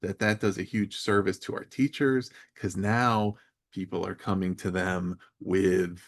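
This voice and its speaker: A male podcast host with a low, gravelly voice, talking with emphasis in a relaxed interview. He stacks his points up one after another as he makes his case. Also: unhurried. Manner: emphatic, builds points in lists. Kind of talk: conversational interview.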